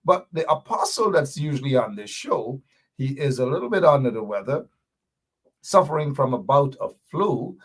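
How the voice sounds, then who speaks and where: Male talk host, slightly husky, playful and teasing with his audience. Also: medium pitch, sing-song, moderate pace. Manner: playful, teasing viewers while reading comments. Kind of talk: live call-in talk show chat.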